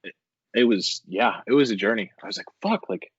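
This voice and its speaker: A young man talking as a podcast guest, telling a rambling, animated story full of swearing and filler words. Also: lowish voice, brisk, slightly rough, no echo. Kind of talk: casual storytelling interview. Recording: dull, dry lo-fi recording.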